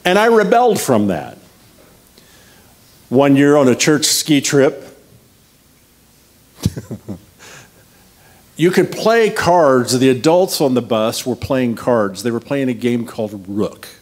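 A man's voice: medium pitch, animated, slow pace, pauses often. A man preaching a conversational sermon as a guest speaker, telling personal stories with a humorous, anecdotal manner. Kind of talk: storytelling sermon.

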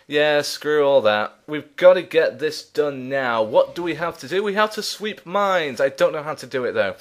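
Man, let's play commentary, winded, self-deprecating, fairly high voice. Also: animated, moderate pace, few pauses, a bit bright. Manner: chatty, self-mocking, laughs often. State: out of breath. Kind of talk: casual gameplay commentary.

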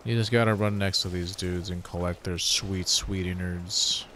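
A man's voice: low voice, steady tone, normal speed, pushed and bright, slight background noise. A man giving casual gameplay commentary, grumbling and swearing freely in frustration. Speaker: gaming streamer.

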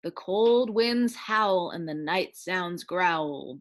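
A woman reading a children's picture book aloud in a sing-song, expressive way, slowing down for the refrains. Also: fairly low pitch. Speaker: storyteller.

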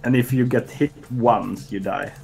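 A man's voice: medium pitch, steady tone, a little slow, creaky, darkish tone, soft background music. A man chatting jokily with a co-worker while developing a game, riffing and breaking into silly sing-song lines. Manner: silly, jokey, bursts into mock singing. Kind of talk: casual banter while working.

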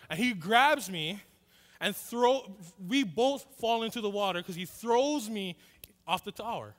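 A man's voice: high voice, expressive, normal speed, fairly bright tone. A male pastor, telling a story in a sermon and acting out both sides of the dialogue. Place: church hall. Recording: reverberant church hall.

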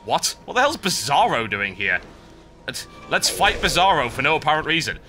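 A man giving sardonic, animated commentary over a video game he is playing. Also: on the high side, moderate pace, faint music behind. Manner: sardonic, animated, wry complaints. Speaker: gameplay commentator. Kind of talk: let's-play commentary.

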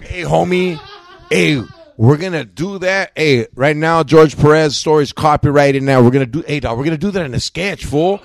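A comedian host tosses out slangy, joking banter with his friends, calling them homie and dog. His voice sits a bit high for a man and is recorded close and dry, with no room around it. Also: normal speed, creaky, no echo. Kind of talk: casual joking chat with friends.

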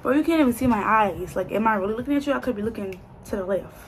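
A young woman, talking casually and excitedly to her viewers in a hair vlog. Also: a little high, very fast, soft background music. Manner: animated, exclaiming, talks straight to viewers. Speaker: hair vlogger.

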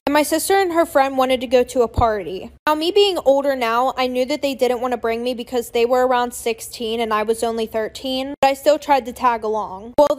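A woman with a high voice tells a storytime in a chatty, casual way. She talks loosely and drops in fillers as she goes. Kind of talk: storytime narration.

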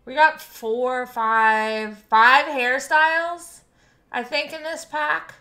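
Bubbly female streamer chatting with chat; bright tone, slow easy pace. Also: high-pitched, fairly even intonation, roomy sound. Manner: bubbly, reads and thanks chat, laughs often. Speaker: game streamer. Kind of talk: live game stream chat. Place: home room.

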